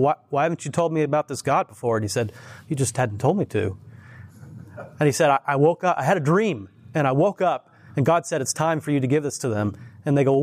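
A man who teaches at church, telling faith stories in an earnest, animated way in a casual conversation, often restarting his sentences. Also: mid-range voice.

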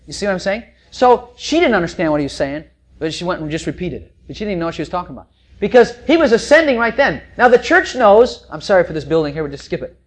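Folksy preacher swinging loud and soft. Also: medium pitch, fast. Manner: folksy, animated storytelling with joking asides; swings between loud bursts and quiet asides. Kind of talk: sermon, Bible teaching.

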